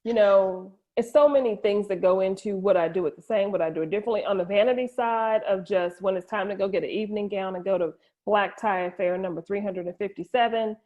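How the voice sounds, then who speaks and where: A woman's voice: medium pitch, brisk, few pauses. A middle-aged woman, a guest in an interview, candidly sharing an emotional personal story with frequent restarts. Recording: dull lo-fi audio.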